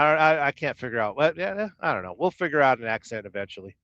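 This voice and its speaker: A man's voice: mid-range voice, big pitch swings, fast talker, fairly bright tone, no room sound, dull audio. Joking male trucker on a livestream. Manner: jokey, rambling, reads chat aloud. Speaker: livestream host, truck driver. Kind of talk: casual live-stream chat. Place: truck, waiting to unload.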